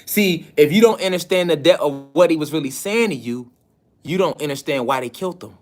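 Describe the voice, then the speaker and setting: A man's voice: a little high, animated, a little fast, soft background music. A man giving a preachy spiritual lecture online, insistent and emphatic, who keeps firing rhetorical questions at his listeners.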